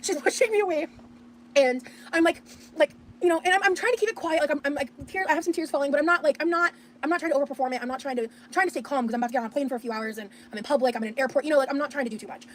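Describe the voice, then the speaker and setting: A woman telling a story in a chatty, animated way, full of fillers. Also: high-pitched, racing, a little hiss or hum. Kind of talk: casual storytelling.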